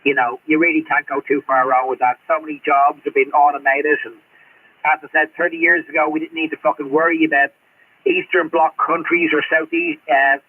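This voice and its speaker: A man's voice: a little high, little pitch movement, fairly quick, slightly rough. A middle-aged Australian man chatting on CB radio, rambling and swearing all the time. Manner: rambling, swears constantly, blunt. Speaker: CB radio operator. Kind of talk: casual radio chat. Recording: tinny radio transmission.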